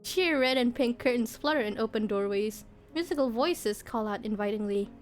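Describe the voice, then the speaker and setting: A woman's voice: fairly high pitch, expressive, moderate pace. A woman streamer reading a visual novel aloud in a casual way, often breaking into giggles. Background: faint game music.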